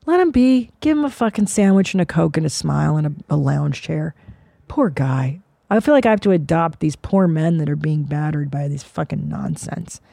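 Mom podcast host, swears a lot, kinda gravelly, dry mic. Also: female voice, low-pitched, animated, normal speed, mellow, no echo. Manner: profane, blunt, sarcastic rants. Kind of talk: casual podcast chat.

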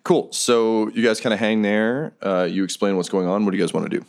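Very deep-voiced male game master. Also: little pitch movement, gravelly. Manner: halting, with frequent filler pauses. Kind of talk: narrating a tabletop game.

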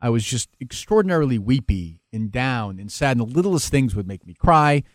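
Halting, emotional radio host man. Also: mid-range voice, big pitch swings, no echo, studio quality. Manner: halting, many restarts, emotional and self-critical. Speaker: sports talk radio host, interview guest. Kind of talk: candid interview conversation.

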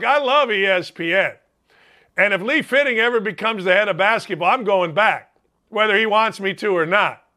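A male sports-talk host with a very high, bright and forceful voice. He rants bluntly about college basketball and rambles from one point to the next with a combative edge.

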